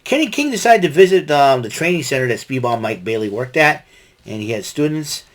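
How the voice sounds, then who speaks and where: A man's voice: medium pitch, animated, brisk. A man giving a casual solo wrestling recap, rambling with many fillers and restarts.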